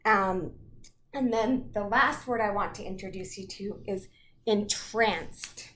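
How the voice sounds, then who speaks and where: A woman teaching a children's phonics lesson, slowly breaking words into single sounds and matching them to letters. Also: mid-range voice, a bit bright. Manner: slow, segments words into sounds. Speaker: storytime teacher. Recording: echoey room, faint noise.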